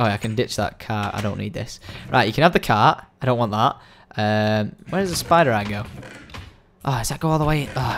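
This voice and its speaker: A young man giving excitable, rambling let's-play commentary, coaxing and shouting at the game. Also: medium pitch, slight background noise. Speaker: gaming video host.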